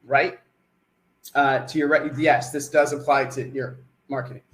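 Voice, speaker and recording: A man's voice: mid-range voice, little pitch movement, a little slow, echoey room, poor audio. A man giving a webinar sales presentation, putting questions to the attendees and then answering them himself.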